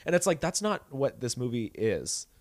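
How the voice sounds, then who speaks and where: A man's voice: medium pitch, very animated, normal speed, no echo. A man co-hosting a podcast, chatting casually and ranting with indignation. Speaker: podcast co-host. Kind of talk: casual chat.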